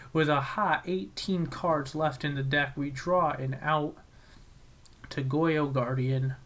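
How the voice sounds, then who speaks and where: A young man with a medium-pitched voice commentates casually on his own card game match. He gets excitable and self-critical, often restarting his sentences.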